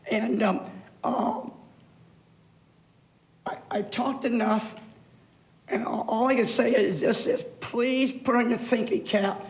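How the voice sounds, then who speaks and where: Older man, public commenter, emotional and rambling, pleading; roomy chamber sound. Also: very high-pitched. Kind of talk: public comment at a city meeting. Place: city council chamber.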